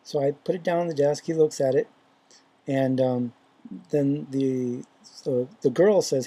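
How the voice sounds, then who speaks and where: A faith vlogger tells a dream in a loose, rambling way, stopping and restarting often with fillers. The voice is very dark and mellow, with a husky, breathy edge. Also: medium pitch, normal speed. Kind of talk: casual dream retelling.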